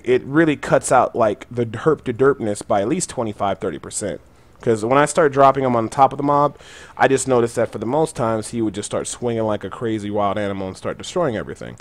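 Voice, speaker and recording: A young man hosts a gaming channel, offering loose, chatty gameplay tutorial commentary full of fillers and gamer slang. His pitch is medium and the recording is dry.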